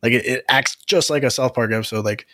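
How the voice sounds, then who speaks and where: A man co-hosting a podcast in casual chat, relaxed and explaining things at length. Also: mid-range voice, fast talker, no room sound, clean studio sound. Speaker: podcast co-host.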